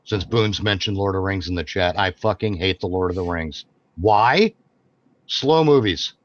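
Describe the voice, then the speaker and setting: A low-voiced man at a moderate pace co-hosts a live stream, chatting casually and ranting with heavy swearing. The audio is dull and lo-fi, with noise in the background.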